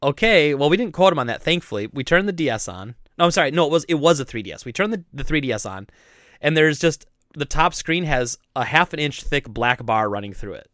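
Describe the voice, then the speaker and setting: A man running a game store, telling customer stories in a casual, animated chat and acting out the people involved. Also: on the high side, a little fast, dry recording, studio quality. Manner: animated, laughing, acts out customers and coworkers. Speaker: game store owner, podcast host.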